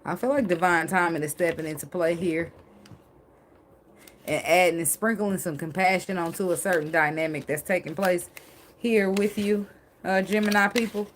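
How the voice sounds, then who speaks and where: A woman's voice: fairly low pitch, steady tone, moderate pace. Woman doing a chill tarot reading, jokey and loose, a little hiss behind. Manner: chatty and joking, sings snippets, swears casually. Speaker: tarot reader.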